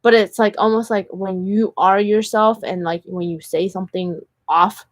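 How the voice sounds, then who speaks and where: This vlogger's medium-pitched voice holds a steady tone at normal speed, recorded without echo. She tells personal stories casually and earnestly, chatting candidly with lots of "like" fillers.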